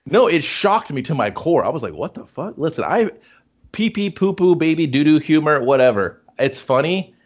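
A man co-hosting a casual movie podcast, animated and profane, acting out scenes as he talks. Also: a little high, moderate pace, dull audio. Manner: animated, swearing, acts out scenes. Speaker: podcast co-host. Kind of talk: casual chat.

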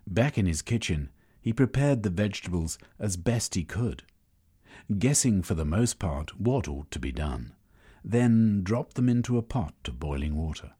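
A middle-aged man reading an audiobook in a husky voice, with expressive storytelling. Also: low voice, moderate pace. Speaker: audiobook narrator. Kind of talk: scripted narration.

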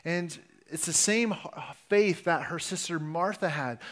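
A man's voice: fairly high pitch, unhurried, hardly any pauses, pushed and bright. A man preaching a sermon as pastor, speaking earnestly and sometimes restarting his phrases. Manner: earnest, with restarts and varying emphasis.

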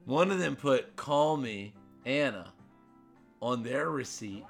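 A man co-hosting a relaxed podcast, winding through a long anecdote with plenty of asides. His pitch swings up and down in a lively way as he tells it. Faint music plays softly underneath. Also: takes it slowly, vocal fry. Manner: rambling anecdotal storyteller, lively. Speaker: podcast co-host. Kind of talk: casual chat, storytelling.

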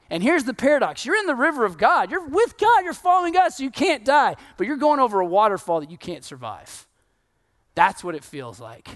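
Animated, high-voiced man preaching. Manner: conversational, animated storytelling with laughs and acted quotes. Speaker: pastor. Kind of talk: sermon.

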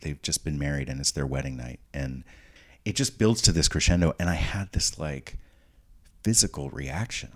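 A podcast guest with a remarkably deep, low voice tells family stories in a loose, casual way. He rambles, doubles back and restarts mid-sentence as he goes. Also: animated, normal speed. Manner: rambling, frequent restarts and asides. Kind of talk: casual storytelling.

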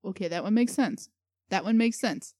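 A woman co-hosting a casual podcast, answering a quiz, joking and thinking out loud. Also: mid-range voice, moderate pace, no echo, studio quality. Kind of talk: casual chat.

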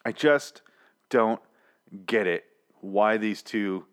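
A man's voice: lowish voice, slow pace, smooth. A man recapping and reviewing a TV episode in a casual, rambling way, often exasperated and swearing.

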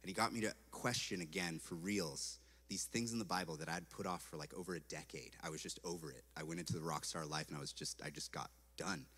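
Low-voiced Californian man in a reverberant hall. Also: fast, few pauses, husky. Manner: animated, acts out his own past words, fills speech with "like". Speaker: speaker giving a personal testimony. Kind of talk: storytelling testimony talk.

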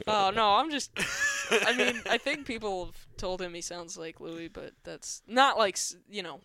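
A man co-hosting a comedy podcast, joking in a halting, self-deprecating way. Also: high-pitched, background noise. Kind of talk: casual comedy banter.

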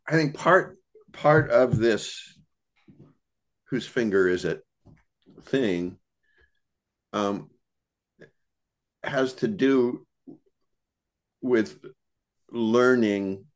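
An older American man, a podcast guest, tells reflective childhood stories in a meandering, thoughtful way, with many pauses and restarts. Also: lowish voice. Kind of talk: reflective storytelling conversation.

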